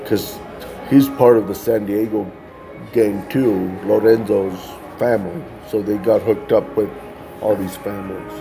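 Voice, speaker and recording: A man's voice: lowish voice, fairly even intonation, measured pace, gravelly, over music. A man casually telling a personal testimony, loose and conversational, often tossing in "man" and restarting phrases. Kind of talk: casual storytelling.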